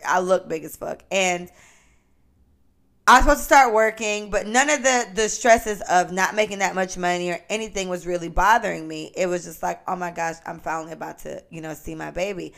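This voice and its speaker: Laid-back woman podcaster with gravelly fry. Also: mid-range voice, a bit bright. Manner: candid, profane storytelling with lots of quoted speech. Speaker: podcast co-host. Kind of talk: casual chat.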